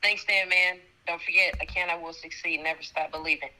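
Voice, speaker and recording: A woman's voice: fairly low pitch, steady tone, brisk, pushed and bright, poor audio. A woman giving an emphatic, preacher-like word of encouragement as a guest on a talk show. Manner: emphatic, repetitive, exhorting. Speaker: faith segment guest.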